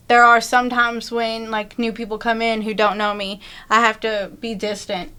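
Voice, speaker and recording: A woman's voice: fairly high pitch, a bit bright. A woman guest in an interview, talking frankly and bluntly about her life and work, laughing easily between thoughts. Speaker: podcast guest. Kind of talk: candid interview talk.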